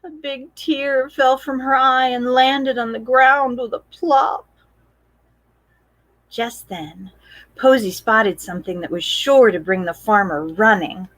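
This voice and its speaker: A woman reading a picture book aloud to children, gentle and expressive, asking the children questions. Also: a little high, slow. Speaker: storytime reader.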